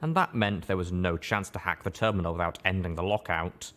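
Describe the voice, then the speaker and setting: A man reads a first-person story aloud as an audiobook narrator. His delivery is steady and measured, with a low, deep voice.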